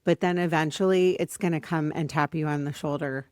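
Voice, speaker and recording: A woman's voice: sits low, steady tone, a little fast, a little mellow, clean tone, dry recording, studio quality. A woman hosting a podcast, speaking earnestly and directly to her listeners. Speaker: podcast host. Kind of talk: conversational interview.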